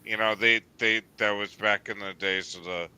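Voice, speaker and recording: A man's voice: on the low side, fairly even intonation, moderate pace, pushed and bright, clear, resonant tone. A man from New England hosting a casual livestream chat, rambling with lots of fillers and swearing freely. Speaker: livestream host.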